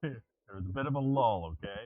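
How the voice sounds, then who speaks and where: A man's voice: on the low side, expressive, a little fast. A man joking and teasing friends in casual chat over a voice call. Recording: muffled noisy call audio.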